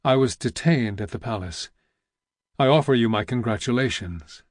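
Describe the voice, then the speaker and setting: A man reading an audiobook, voicing a polite, quiet investigator of forty who speaks deferentially. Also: medium pitch, normal speed, dry recording, studio quality, lightly acted. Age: 40s.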